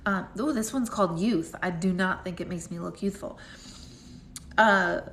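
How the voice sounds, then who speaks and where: This intuitive medium's mid-range voice is steady, slow and fairly bright, heard in a reverberant space with a little hiss or hum. Doing a live psychic reading, she rambles and chats with viewers, saying "like" constantly.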